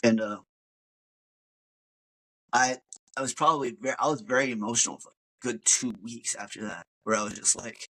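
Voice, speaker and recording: A man's voice: medium pitch, normal speed, long pauses, fairly bright tone, breathy edge, poor audio. A man, a podcast guest, tells his personal story in a casual, rambling way, full of fillers and calling the host dude. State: emotional.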